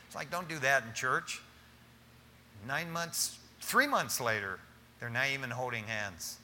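A middle-aged man preaching as pastor, talking in an animated, casual way and often calling his listeners "man". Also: medium pitch, unhurried, in a large hall, slight background noise. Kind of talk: sermon.

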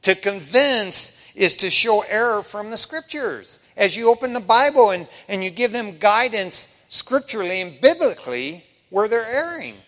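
Male pastor, fairly high voice, chatty folksy sermon, hushed to loud, long hall reverb. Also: sing-song, moderate pace, hardly any pauses. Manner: conversational preaching, swings between hushed and loud; folksy asides.

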